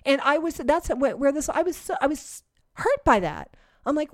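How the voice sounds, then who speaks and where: A woman preaching a sermon, earnest and emphatic, moving between soft, slow passages and louder, forceful ones. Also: high voice, big pitch swings.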